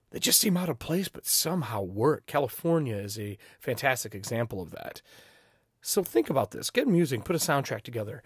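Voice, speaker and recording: A man's voice: mid-range voice, breathy edge, no room sound, clean studio sound. A man giving casual, emphatic advice on running tabletop games, swearing now and then. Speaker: game master giving advice.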